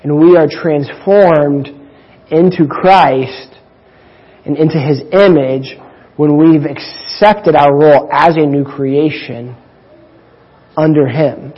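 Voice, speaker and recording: A man delivers a sermon slowly and deliberately, leaning on key words and pausing between phrases. His voice is a little husky and sits fairly high for a man. The recording sounds dull and lo-fi. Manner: deliberate, emphatic preaching with drawn-out pauses. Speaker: pastor.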